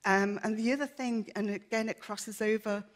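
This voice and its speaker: Woman telling her story at church, chatty and a bit self-mocking, earnest, mid pitch. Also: fairly even intonation, moderate pace. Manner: candid, chatty and self-deprecating; earnest and emotional. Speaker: church member giving testimony. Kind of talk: personal testimony to a congregation.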